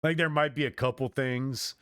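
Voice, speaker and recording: A man's voice: mid-range voice, fairly even intonation, moderate pace, fairly bright tone, smooth, dry recording, studio quality. A man streamer in his thirties talking in a meandering, casual monologue, often restarting and trailing off mid-sentence.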